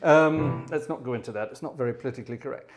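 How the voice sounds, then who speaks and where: A man's voice: mid-range voice, fast talker. A man hosting a live piano stream, out of breath between pieces, chatty and self-deprecating as he talks to his audience and explains boogie woogie. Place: piano room at home.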